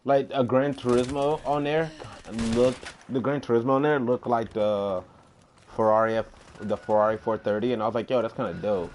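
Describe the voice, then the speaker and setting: A man's voice: medium pitch, normal speed, a little hiss or hum. A man casually chatting while streaming a game, rambling and ranting with some swearing. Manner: rambling, swears, animated rants. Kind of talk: casual gaming chat.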